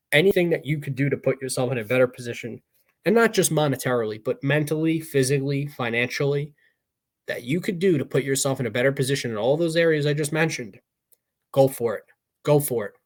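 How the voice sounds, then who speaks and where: Young man, podcast co-host, casual motivational talk, rambling, fillers, mid-range voice. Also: medium pitch. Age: young adult.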